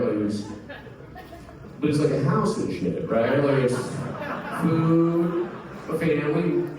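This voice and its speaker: A man in his thirties works a stand-up comedy set, loose and crude, stringing jokes together with a steady run of filler words. His voice sits slightly high. The sound carries a heavy club echo and comes from some way off the mic. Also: measured pace, pauses often, far from the mic. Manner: loose, crude, rambling with many "like"s.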